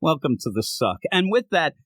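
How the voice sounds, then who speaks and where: A man's voice: fairly high pitch, big pitch swings, normal speed, a bit bright, no echo. A man hosting a casual comic book podcast, joking and rambling while sick and short of breath. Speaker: podcast host.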